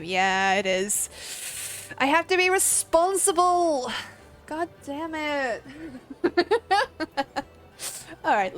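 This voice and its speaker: A young woman from Australia streaming a game, chatting casually with viewers, excitable, laughing often and swearing freely. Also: mid-range voice. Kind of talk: casual live-stream chat.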